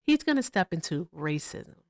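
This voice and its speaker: A woman on a political livestream who teases and needles her co-host in a lively, animated way. Her voice sits fairly low. The sound is dry and close, with no room around it. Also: normal speed, dry recording. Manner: teasing, animated, talks straight to her co-host. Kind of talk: casual livestream political chat.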